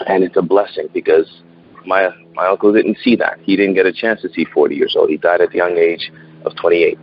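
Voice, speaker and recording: A man in his thirties, a guest in an interview, telling a personal story outdoors in an earnest, halting way, often repeating words and laughing. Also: sits low, flat delivery, lo-fi sound, a little hiss or hum. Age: 30s.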